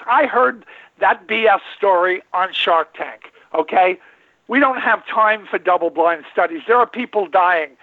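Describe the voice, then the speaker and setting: A man's voice: sits high, moderate pace, no room sound. A man in his late seventies hosting a call-in radio show, rambling and emphatic, repeating himself for effect. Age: 70s. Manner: rambling, folksy, emphatic with repetitions. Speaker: radio show host and veterinarian. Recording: tinny phone-line audio.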